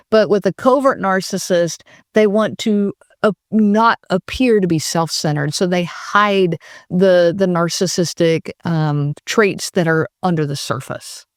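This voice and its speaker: A woman's voice: on the low side, no echo, studio quality. A woman hosting a podcast, explaining in a conversational way with fillers and restarts. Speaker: podcast host.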